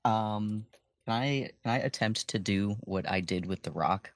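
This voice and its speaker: A man playing a tabletop horror game, animated and joking, often restarting his sentences. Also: on the low side, measured pace, no echo. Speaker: player.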